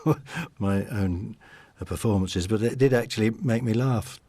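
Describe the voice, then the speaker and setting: A man's voice: lowish voice, moderate pace, over loud music. Hesitant, self-deprecating man in interview. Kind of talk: interview recollection.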